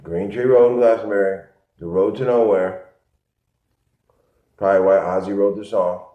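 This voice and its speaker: A man from Connecticut telling a rambling, repetitive story in a low-key monologue. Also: steady tone, normal speed. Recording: echoey, muffled lo-fi room sound.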